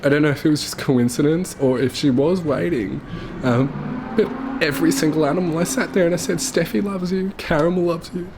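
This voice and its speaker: A young man telling his late mother's story to camera, tearful and halting, with his voice breaking. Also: a little high, noisy background. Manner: halting, full of fillers and restarts.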